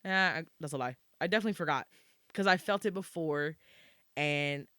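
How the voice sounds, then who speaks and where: A woman co-hosting a podcast in casual chat, telling stories with lively swings and swearing freely. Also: low voice, brisk, smooth, dry recording, clean studio sound. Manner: animated storytelling, swearing, drops into quiet asides. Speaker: podcast co-host.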